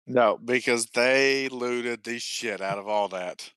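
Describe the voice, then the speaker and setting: Smooth-voiced man, dry close sound. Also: mid-range voice, slow pace, a bit bright, no room sound. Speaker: podcast co-host. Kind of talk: casual chat.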